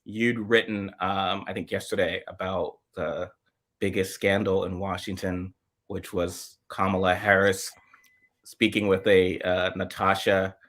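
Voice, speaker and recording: A man's voice: low-pitched, level tone, measured pace, a bit bright. A man hosting a casual political chat over a video call, chatty and rambling with a playful streak. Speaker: host.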